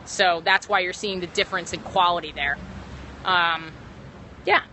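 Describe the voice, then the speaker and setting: Fairly low and steady, unhurried yet bright and forceful, the voice belongs to a young woman stand-up comedian on a casual street livestream. Holding her phone to stream, she rambles, ums and corrects herself over faint traffic noise.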